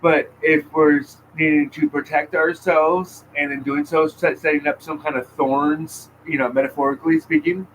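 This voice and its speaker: A man co-hosting a casual podcast chat, speaking in a slow, measured way with a teasing edge. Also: a little high, steady tone, a little hiss or hum, low-quality recording. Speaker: podcast co-host.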